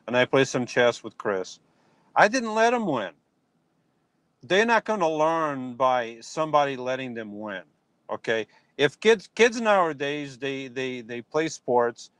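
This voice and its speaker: Recorded with no room sound, a man with a clear, resonant, mid-range voice streams live from his phone in a yard at dusk. He's casual and animated, answering and reacting to chat comments.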